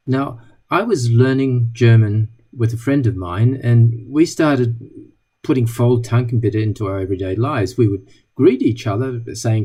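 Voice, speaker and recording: A man speaks to an audience in a relaxed, mellow tone with a touch of huskiness. He tells wry anecdotes and acts out short exchanges between people as he goes. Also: medium pitch, a little slow, husky. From not British. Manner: wry, anecdotal, plays out little dialogues. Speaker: speaker giving a talk. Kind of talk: storytelling talk to an audience.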